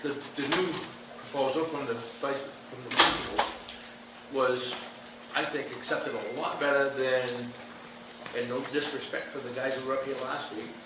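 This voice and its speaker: A man's voice: medium pitch, steady tone, moderate pace. A man giving public comment at a meeting, blunt and scolding. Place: large meeting room. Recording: echoey hall, far mic, loud background noise.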